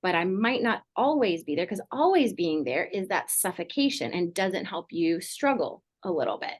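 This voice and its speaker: A woman's voice: fairly low pitch, very animated, moderate pace. Chatty woman counselor, lots of fillers. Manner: rambling, heavy on fillers like "like" and "you know". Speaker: mental health counselor guest. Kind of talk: casual podcast conversation.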